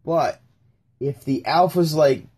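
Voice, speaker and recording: A man's voice: a little high, takes it slowly, a little mellow, husky. A man hosting a casual livestream, talking in a rambling way and acting out the people in his stories. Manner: rambling, acts out voices of people in anecdotes. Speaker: live-stream host.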